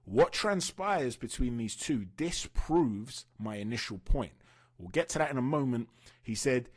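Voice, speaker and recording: Chatty and opinionated, a channel host covers boxing news casually and invites viewers to share what they think. He speaks a little slowly, with an expressive, medium-pitched voice.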